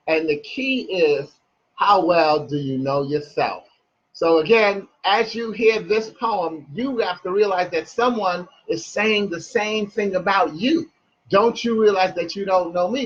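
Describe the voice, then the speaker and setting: A man's voice: high voice, breathy edge, muffled recording. A man giving a casual motivational talk to viewers, reading his own poem, with playful asides and repeated phrases. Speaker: motivational speaker and poet.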